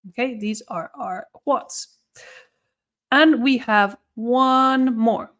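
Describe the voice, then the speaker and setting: A woman's voice: on the high side, very slow, a bit bright. A woman teaching English grammar in a live online lesson, explaining patiently and often checking in with "okay?" and "no?".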